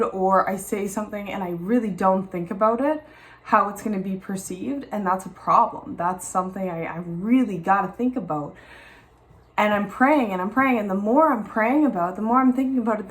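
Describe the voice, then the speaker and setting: A young mother chatting candidly to camera at home. She talks in a lively, unfiltered way and her voice sits at an ordinary medium pitch. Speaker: mom vlogger. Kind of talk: casual talk to camera. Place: at home, in the garden.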